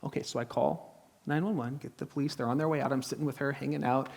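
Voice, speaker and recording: A man's voice: mid-range voice, fairly even intonation, fast talker, gravelly. Conversational pastor in his thirties. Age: 30s. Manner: conversational, humorous, drops to a hush in the story. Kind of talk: sermon with storytelling. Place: church.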